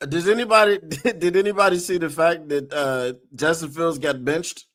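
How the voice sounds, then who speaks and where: A man hosting a live sports watch-party stream, often shouting and whooping with excitement and laughing. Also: a little high, moderate pace.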